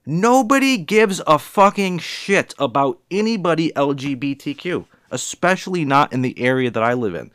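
A man's voice: mid-range voice, fairly bright tone, no echo. Brief Forties male from New England, angry rant, swears constantly, plain mid voice, dry close sound. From New England, USA. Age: 40s. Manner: heated, profane, rambling and repetitive. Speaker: vlogger. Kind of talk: profane ranting monologue.

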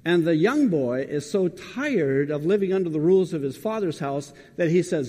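A man's voice: a little high, expressive, moderate pace, darkish tone. Man preaching in a reverberant hall. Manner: conversational, questions the congregation directly. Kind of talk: sermon.

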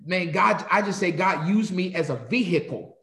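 A man from North Carolina, a pastor telling stories as a guest with a lively preacher's cadence. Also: sits high, moderate pace, echoey room. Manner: animated storyteller, shifts into sermon cadence. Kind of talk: conversational interview, preacherly.

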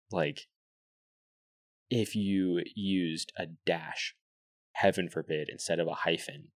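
A man's voice: deep voice, dry recording, clean studio sound. A young man, a podcast co-host, telling long rambling stories in casual chat, full of "like". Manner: rambling storyteller, heavy use of filler "like".

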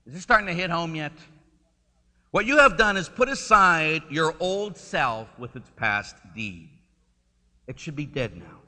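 A man preaching a sermon in an animated, conversational and emphatic way. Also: a little high, measured pace, in a large hall.

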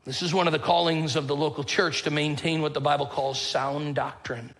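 A man's voice: a little high, fairly even intonation, a little fast, a bit bright, low-quality recording. A man preaching a sermon as pastor, talking in a loose, conversational way and joking as he tells stories. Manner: conversational, joking storyteller with a casual drawl.

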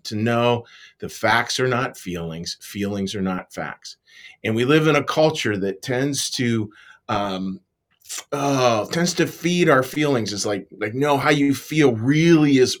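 Man, lower-pitched voice, devotional talk, conversational, earnest, repeats words. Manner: earnest, repeats words, self-deprecating asides. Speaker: minister giving a devotional talk.

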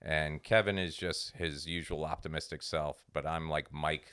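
A comedian in his forties co-hosts a podcast, telling a story in casual chat with profane, exasperated ranting and acted-out quotes from the people involved. His voice is extremely low and steady, a bit bright and clean, at normal speed.

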